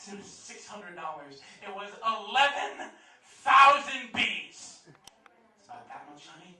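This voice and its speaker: A man performing a stand-up comedy set in a comedy club, talking loudly to the crowd with swearing and shouted punchlines. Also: high voice, very animated, slow pace. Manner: loud, swearing crowd work with rising shouts. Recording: echoey club audio from a distance.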